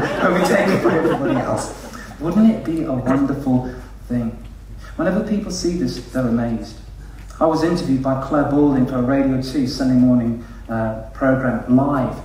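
A man telling a lively story as a church leader, acting out quoted voices. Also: mid-range voice, a little hiss or hum. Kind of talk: storytelling sermon. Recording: echoey hall, distant mic.

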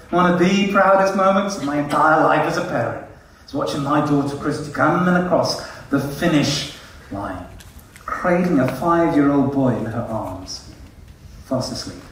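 A man telling a lively story as a church leader, acting out quoted voices. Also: on the high side, a little slow, slight background noise. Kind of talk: storytelling sermon. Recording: echoey hall, distant mic.

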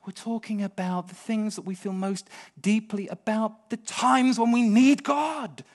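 A middle-aged British man preaching a sermon, swinging between hushed storytelling and impassioned pleading. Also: sits high, fairly even intonation, unhurried.

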